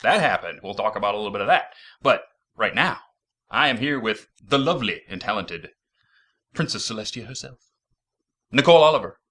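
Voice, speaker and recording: Lively, bright-voiced man hosting. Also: fairly low pitch, brisk, pauses often. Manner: upbeat, joking, enthusiastic. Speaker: host. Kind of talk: casual podcast interview. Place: San Jose, California.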